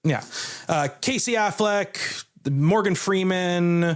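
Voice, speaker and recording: Chatty higher-voiced male podcast host. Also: slow. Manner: chatty, loose, with filler words and restarts. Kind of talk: casual film podcast chat.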